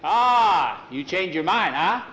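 A man's voice: high-pitched, very animated, slow pace, a bit bright, a little hiss or hum, voice pushed up, exaggerated voice, rough recording. Man doing a coaxing rancher. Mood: hopeful. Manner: coaxing, calls others muchacho.

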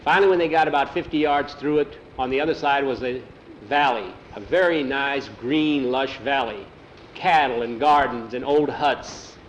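A man's voice: mid-range voice, normal speed, slight background noise. Man telling a story, lo-fi recording. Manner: repeats "he says" between lines. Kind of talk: told adventure story. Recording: dull lo-fi recording.

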